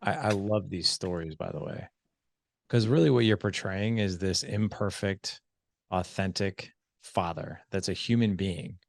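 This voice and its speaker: A man's voice: deep voice, a little slow, gravelly, no room sound, clean studio sound. A man hosting a podcast who affirms his guest and reflects at length before asking a question. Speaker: podcast host. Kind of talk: interview talk.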